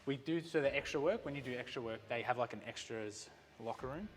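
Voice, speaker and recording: A man's voice: mid-range voice, big-room sound. An Australian man, a professional wrestler, telling anecdotes in casual chat, swearing freely. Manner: fast, animated anecdotes with swearing.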